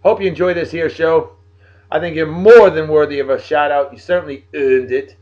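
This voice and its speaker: A man hosting a daily video show, reading out shout-outs to viewers in a jovial, folksy way with lively swings in his voice. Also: normal speed, lo-fi sound. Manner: jovial, folksy, animated, big pitch swings. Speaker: host of a daily beer and song video show. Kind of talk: casual shout-outs monologue.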